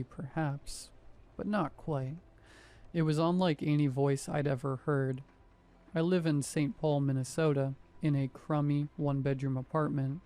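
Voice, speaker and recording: A man in his thirties narrates a first-person horror story, with scripted delivery and wry, conversational asides. His voice sits slightly high for a man but sounds mellow and warm.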